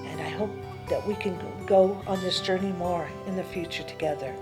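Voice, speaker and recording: A woman giving a gentle spiritual teaching talk, unhurried and often sinking to a hushed near-whisper. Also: fairly low pitch, music in the background.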